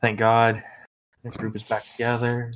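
A man running a tabletop game as game master, narrating with halting pauses and fillers. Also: medium pitch, completely flat delivery, lo-fi sound.

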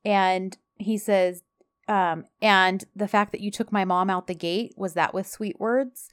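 A woman's voice: medium pitch, steady tone, measured pace, clear, resonant tone, no echo. A woman co-hosting a podcast, casually retelling TV scenes and quoting the characters. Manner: chatty storyteller, quotes characters. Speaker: podcast co-host. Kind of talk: casual chat recapping a TV show.

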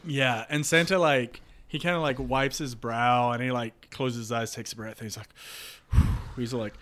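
A man casually narrating a comedy improv story. He rambles, stacking fillers as he builds the scene. His pitch sits in the middle of the usual range for a man. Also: steady tone, moderate pace, fairly bright tone.

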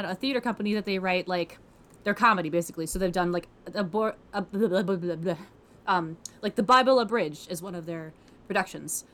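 A young woman co-hosts a casual podcast and talks in a loose, rambling way. She leans on fillers and pokes fun at herself, and her pitch sits in an ordinary middle range. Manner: rambling, filler-heavy, self-deprecating. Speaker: podcast co-host.

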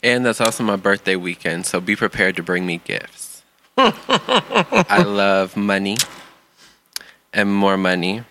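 A man's voice: fairly low pitch, lively intonation, takes it slowly, pauses often, sharp tone, a little hiss or hum, poor audio. A man co-hosting a casual podcast, playful and sassy, teasing and laughing often. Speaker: podcast co-host.

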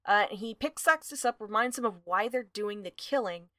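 A woman's voice: medium pitch, normal speed, dry recording. Woman podcast co-host, dry close sound, easygoing plot recap with lots of "uh". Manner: relaxed recapping, frequent "uh". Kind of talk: casual book discussion and plot recap.

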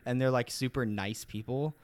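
A man's voice: medium pitch, dry recording, clean studio sound. A young adult man co-hosting a podcast, telling a mystery story in casual, rambling, upbeat chat.

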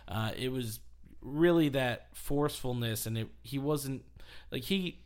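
A man's voice: medium pitch, measured pace, smooth. A man hosting a casual podcast, telling a story in a rambling way with frequent laughs and swearing. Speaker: podcast host. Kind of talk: casual chat.

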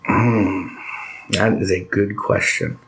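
A man's voice: sits low, steady tone, slow pace, gravelly, fairly bright tone, low-quality recording. A man playing a tabletop role-playing game, thinking aloud and swearing casually. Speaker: player.

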